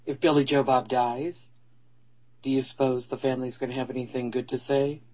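Wry husky-voiced man, lo-fi sound. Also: mid-range voice, little pitch movement. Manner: wry, agreeing, quick quips. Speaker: podcast co-host. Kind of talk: casual opinion talk.

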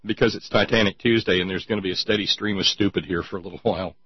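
Talk show host, male, low husky voice, dry sarcastic delivery, dull lo-fi recording. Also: steady tone, racing, no room sound. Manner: mocking, reads listener messages aloud. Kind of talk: casual sardonic commentary. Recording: dull lo-fi sound.

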